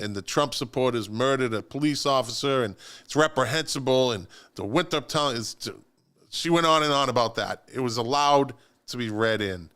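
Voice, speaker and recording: A man's voice: mid-range voice, clear, resonant tone. Sarcastic man retelling a council meeting. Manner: animated, sarcastic storytelling. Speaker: co-host of a local politics livestream. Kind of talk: casual political chat. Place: radio studio.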